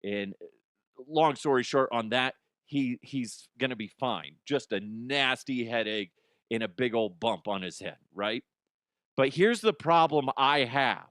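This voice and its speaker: A man's voice: medium pitch, animated, unhurried, fairly bright tone, no echo, studio quality. A man hosting a podcast, telling stories in rambling, profane casual chat and often laughing at himself. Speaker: podcast host.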